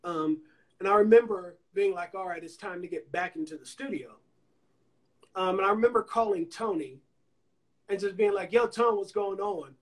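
A man from Alabama with a notably high speaking voice tells long anecdotes in a relaxed interview. He slips into the voices of the people he quotes as he goes. The sound comes through a phone on a live stream. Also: normal speed. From Anniston, Alabama, US. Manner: animated storyteller acting out quoted voices. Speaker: songwriter and producer guest. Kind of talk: casual storytelling interview. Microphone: Instagram Live phone call.

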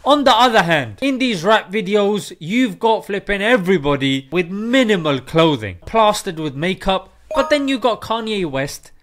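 A man with a noticeably high speaking voice hosts his own channel. He rants in a playful, slangy way, mixing jokes into his commentary. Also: very animated, normal speed, hardly any pauses, fairly bright tone. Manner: playful, chatty, slangy delivery. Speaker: Islamic video host. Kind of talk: comic ranting commentary.

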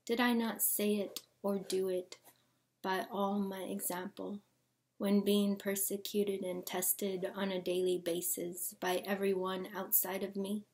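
A woman's voice: mid-range voice, little pitch movement, a little slow, a little mellow. A woman performing dramatic spoken-word poetry, theatrical and often dropping into whispers.

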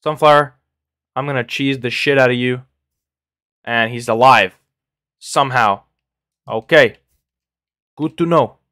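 A man's voice: mid-range voice, a little slow, long pauses, pushed and bright, no room sound, clean studio sound. A young man streaming a game live, chatting casually and rambling, calling everyone "bro". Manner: rambling, slangy, says "bro" constantly, laughs often. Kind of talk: casual live gameplay chat.

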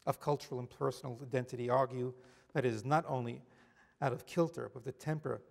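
A middle-aged man giving a formal academic lecture, reading measured prose from notes and now and then stumbling and correcting himself. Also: mid-range voice, fairly even intonation, gravelly, a little mellow. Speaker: university lecturer. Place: large lecture hall. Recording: lecture hall with long reverb.

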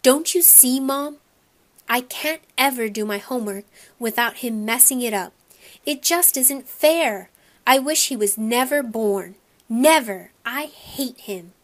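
A woman voicing an upset young schoolboy who pleads and shouts in a tearful, raised voice. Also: on the high side, fairly even intonation, moderate pace, natural voice. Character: upset schoolboy, loud and hurt.

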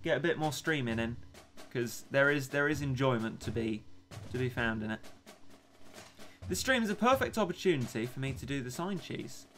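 A man's voice: mid-range voice, lively intonation, moderate pace, a bit bright, soft background music. A young man streaming a game, chatting casually and ranting in a self-mocking way between reading out chat messages. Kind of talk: casual live-stream chat while gaming.

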